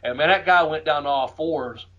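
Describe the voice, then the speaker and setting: A middle-aged American man spins profane ring stories as a podcast host, laughing as he goes and shouting the lines he quotes. His voice sits a touch high for a man. The audio sounds dull and lo-fi. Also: normal speed. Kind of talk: casual storytelling. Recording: muffled lo-fi audio.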